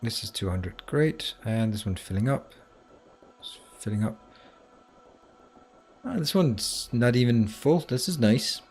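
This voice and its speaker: A man's voice: medium pitch, lively intonation, measured pace, long pauses, darkish tone. A game streamer talking to himself while he plays, muttering and breaking into exasperated outbursts, with a Danish accent. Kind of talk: live gameplay commentary.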